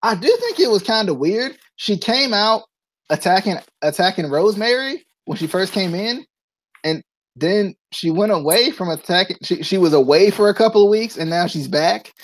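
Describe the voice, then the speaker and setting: A man's voice: high-pitched, lively intonation, moderate pace, poor audio. A man co-hosting a casual wrestling review podcast, talking loosely and playfully and tripping over names. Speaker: podcast co-host.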